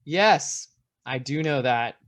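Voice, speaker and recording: A player in a tabletop role-playing game who speaks excitably in character and often restarts sentences. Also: mid-range voice. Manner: excitable, restarts sentences, talks fast when pressed.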